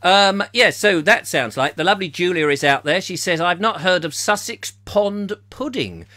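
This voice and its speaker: A man's voice: sits high, animated, normal speed, sharp tone. A middle-aged man from England hosting a comic live chat show, rambling and joking while reading out viewers' comments. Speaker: host.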